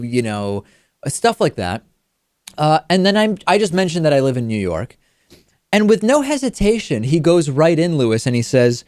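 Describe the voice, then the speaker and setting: A man's voice: on the high side, very animated, moderate pace, darkish tone, no echo, studio quality. A man hosting a talk show, telling a casual anecdote with frequent restarts. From Massachusetts. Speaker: host.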